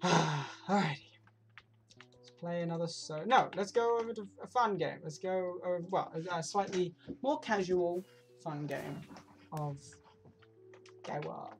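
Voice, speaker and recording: Low-voiced woman streamer, swearing over game music. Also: measured pace. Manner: reactive, swears often, talks to herself. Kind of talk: live gameplay commentary.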